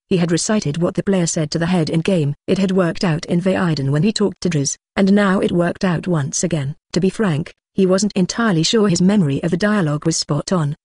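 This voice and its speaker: Synthetic fantasy audiobook narrator, breathy tone, dry close sound, even flat delivery. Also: mid-range voice, a little fast, few pauses, no room sound. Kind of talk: scripted narration.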